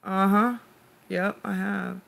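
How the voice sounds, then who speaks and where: Irritable gravelly-voiced man muttering at chat. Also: high-pitched, little pitch movement, slow pace, fairly bright tone. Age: adult parent. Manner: irritable, snapping back at commenters; mutters and repeats himself. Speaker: livestreamer reading chat. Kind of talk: late-night live stream chat.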